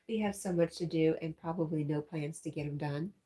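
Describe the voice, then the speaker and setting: A woman's voice: low-pitched, dark tone. A woman hosting a casual livestream, reading out viewer comments and laughing often. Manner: giggly, reads out chat messages. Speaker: livestream host.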